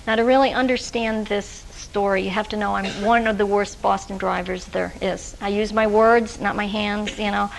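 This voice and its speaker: Gravelly-voiced woman giving a workshop lecture. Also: medium pitch, steady tone, moderate pace, hardly any pauses, slight background noise, low-quality recording. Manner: conversational, with frequent fillers and restarts. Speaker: workshop presenter for social workers. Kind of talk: recorded workshop lecture with personal anecdotes. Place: lecture room with a live audience.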